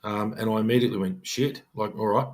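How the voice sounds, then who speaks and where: A man's voice: on the low side, fairly even intonation, fast talker, a little mellow. Earnest Australian man telling a story. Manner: earnest, emphatic, acts out his own quoted speech. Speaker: police detective sergeant. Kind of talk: podcast storytelling.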